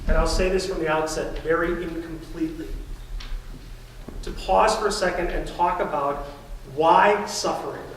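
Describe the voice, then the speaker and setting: A man with a high voice preaches an emphatic sermon, calling out to his listeners. He is captured from some distance, and his words ring through a very reverberant church with faint ambience beneath. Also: a bit bright, slight background noise. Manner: emphatic, preacherly with direct address to the congregation. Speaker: pastor. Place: church sanctuary. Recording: very echoey church sound from a distance.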